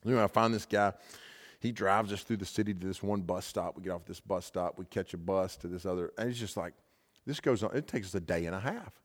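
A man's voice: low-pitched, a little fast. A male American pastor telling a story in a casual, rambling sermon full of fillers and restarts. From United States. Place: large hall at a camp session. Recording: long hall reverb.

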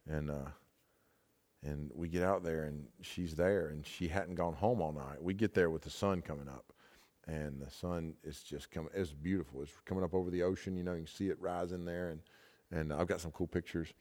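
A man's voice: deep voice, fairly even intonation, moderate pace, darkish tone. A male American pastor telling a story in a casual, rambling sermon full of fillers and restarts. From United States. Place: large hall at a camp session. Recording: long hall reverb.

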